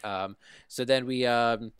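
A man with a smooth, resonant voice talks through a TV episode in relaxed podcast chat. The sound is dry and close, with no room around it. He keeps a friendly back-and-forth going and often asks "right?". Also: mid-range voice, slow, no echo. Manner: conversational, often seeks agreement with "right?". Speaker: podcast host recapping a TV show. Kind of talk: casual review chat.

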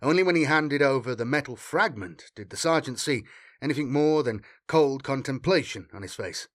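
A man reading a war story aloud in a dramatic, expressive way as an audiobook narrator. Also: medium pitch, normal speed. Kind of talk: scripted narration.

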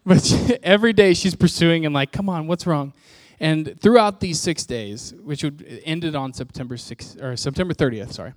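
A man whose voice is a little high preaches a personal testimony at a moderate pace with few pauses, on a dry recording. He tells his story frankly, jokes at his own expense, and acts out the words of the people involved.

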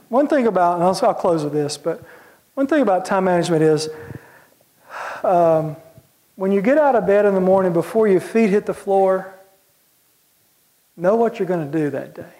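A man giving a plain-spoken, folksy talk of practical advice as a guest speaker, now and then clearing his throat. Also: sits high, mellow.

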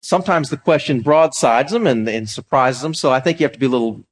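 A middle-aged man speaks as a pastor teaching about ministry. His delivery is earnest and conversational, dotted with fillers and small restarts. His voice sits at an ordinary, middle pitch for a man. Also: fast talker. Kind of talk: teaching talk on evangelism.

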